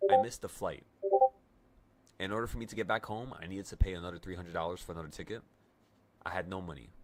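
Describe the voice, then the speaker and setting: A man in his twenties, a trading streamer telling a story in casual livestream talk, stammering and swearing as he goes. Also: sits low.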